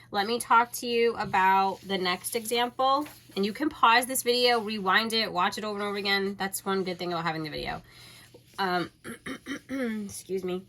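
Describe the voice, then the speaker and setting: Bright-voiced woman teacher explaining patiently. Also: medium pitch. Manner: patient, conversational explaining to students. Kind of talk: recorded accounting lesson.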